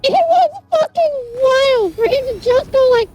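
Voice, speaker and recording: A streamer chatting casually with viewers, telling animated, exasperated stories full of swearing. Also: very high voice, a little slow, over music, rough recording. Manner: animated storytelling, heavy swearing, exasperated rants.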